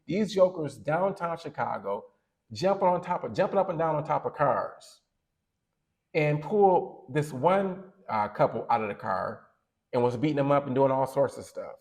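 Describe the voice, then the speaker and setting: A man's voice: a little high, animated, normal speed, a little mellow. A man co-hosting a podcast, giving opinionated casual commentary that rambles and corrects itself as he goes. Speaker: podcast co-host.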